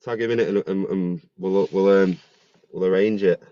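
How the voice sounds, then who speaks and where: A very low-voiced man hosting a laid-back podcast, leaning on slang and repeating himself as he gets going. The recording is muffled and lo-fi, with a dry, close sound and no room around him. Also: fairly even intonation, moderate pace, mellow, no room sound. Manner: slangy, stammering restarts, keeps saying "mate". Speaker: podcast host. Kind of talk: casual podcast chat.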